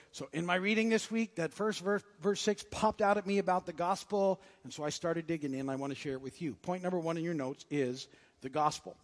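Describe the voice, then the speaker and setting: A man's voice: high-pitched, in a large hall. A man preaching a sermon as pastor, conversational and jokey, with frequent restarts. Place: church sanctuary.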